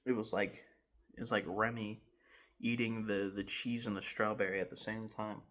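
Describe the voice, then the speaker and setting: A man in his garage telling a rambling, animated story time with laughs and restarts. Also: lowish voice, moderate pace. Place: home garage.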